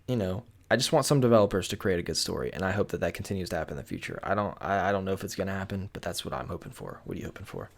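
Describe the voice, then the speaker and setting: A young man co-hosting a gaming podcast in casual chat, relaxed and agreeable, often repeating himself. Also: deep voice, rapid-fire, vocal fry, hardly any pauses. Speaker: podcast co-host.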